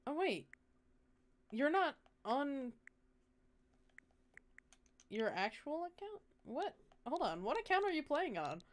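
A woman chatting casually with friends over voice chat while gaming, laughing often and reacting quickly. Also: high-pitched, big pitch swings.

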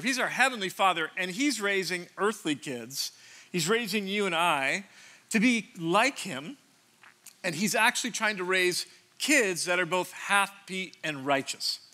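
A man around sixty delivers a relaxed, conversational sermon from a church stage. His voice sits high and rings bright. He teases the congregation and pokes fun at himself, often starting a sentence twice before it lands. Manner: joking, self-deprecating, chatty with restarts. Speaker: pastor.

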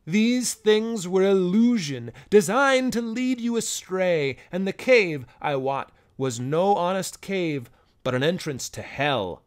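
A man voicing a half-senile old goatherd who scolds and wails in a loud, trembling voice for an audiobook. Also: sits high, animated, slow. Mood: fearful wailing. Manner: wailing, cursing, loud and trembling. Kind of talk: audiobook character voice.

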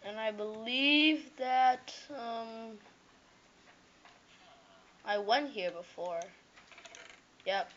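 Excitable woman narrating her gameplay. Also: fairly high pitch, drawn-out words, long pauses, muffled recording, a little hiss or hum. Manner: chatty, excitable, jokey, with sing-song repetitions. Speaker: gameplay commentator. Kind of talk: casual game commentary.

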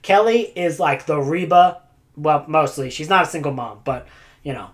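A woman's voice: low voice, moderate pace. A woman booktuber chatting casually to camera, rambling with lots of "like" fillers and frequent laughs. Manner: laughs often between phrases. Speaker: booktuber giving community awards.

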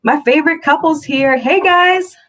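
A woman voicing a bubbly, sociable young woman who talks loudly and teases cheerfully in a storybook reading. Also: fairly low pitch, normal speed, vocal fry. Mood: excited. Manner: loud, cheerful, teasing.

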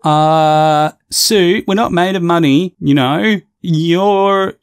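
A man giving loud, sarcastic, swear-filled reaction commentary on a video. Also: a little high, takes it slowly, smooth. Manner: brash, sarcastic, swears constantly.

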